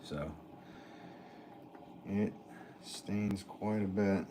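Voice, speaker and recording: A man's voice: fairly low pitch, very slow, mellow, a little hiss or hum. A man live-streaming from his pottery studio, chatting casually with viewers and answering their comments while he works clay.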